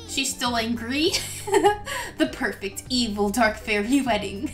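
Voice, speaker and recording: A high, excitable woman commenting on her own gameplay, gushing and gasping all the way through. She talks like a gaming host chatting to her viewers, and faint music plays under her voice. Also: measured pace. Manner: excitable and gushing, gasps often. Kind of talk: let's play commentary.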